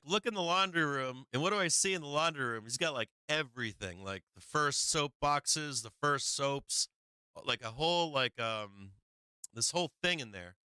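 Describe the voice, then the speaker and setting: Rambling, profane man with a bright voice. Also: on the high side, expressive, normal speed, clear, resonant tone, no room sound. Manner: rambling, profane, repeats himself, chuckles often. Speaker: live-stream market show host. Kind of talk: casual anecdote telling.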